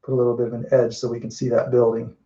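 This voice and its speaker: Mellow man talking through a live painting. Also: mid-range voice, rapid-fire, muffled recording. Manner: relaxed, thinking aloud while painting, many restarts and "you know". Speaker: painting instructor. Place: indoors at a painting wall.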